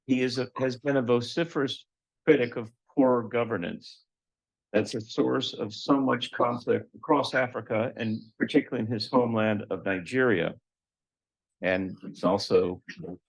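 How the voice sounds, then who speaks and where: A man hosting a lecture event, giving a measured formal introduction of a guest speaker with light humorous asides. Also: fairly low pitch, vocal fry, low-quality recording.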